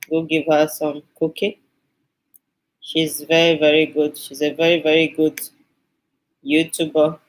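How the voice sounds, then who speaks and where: A woman's voice: low voice, level tone, unhurried, long pauses, low-quality recording. A woman hosting a skincare live stream, chatting with viewers and thanking them effusively, often repeating her phrases. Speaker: skincare channel host.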